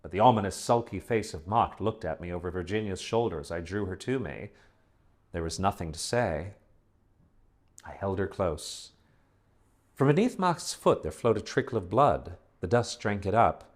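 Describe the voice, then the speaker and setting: A man reads a story aloud in a fairly low voice that rises and falls dramatically. His delivery is expressive and theatrical. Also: moderate pace. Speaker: narrator. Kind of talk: dramatic audiobook reading.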